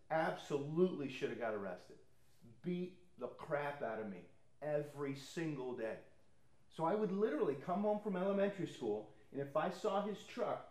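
Here a pastor preaches in a medium-pitched, slightly mellow voice, recorded in an echoey room. His sermon testimony unfolds as conversational personal storytelling, complete with acted-out quotes from other people.

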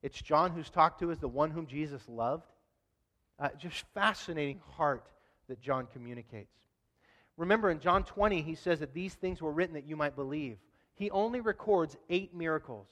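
Male pastor, conversational and humorous sermon delivery, slightly higher voice, long hall reverb. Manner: conversational, humorous, animated asides.

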